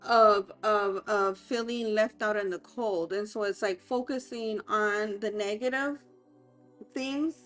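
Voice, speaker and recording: A woman reading tarot cards aloud as a life coach, talking in a hesitant, halting way with many fillers and restarts. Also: mid-range voice, fairly even intonation, a bit bright, soft background music.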